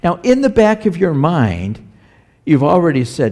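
A man's voice: mid-range voice, sing-song, moderate pace, darkish tone. A man preaching a sermon as a pastor, talking conversationally and putting rhetorical questions to the congregation.

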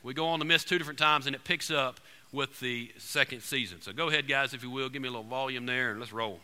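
A man preaching to a congregation, telling an animated, joking hunting story to the room. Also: mid-range voice, quick pace, slight background noise. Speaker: pastor. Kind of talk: storytelling sermon. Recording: long reverb in a large hall.

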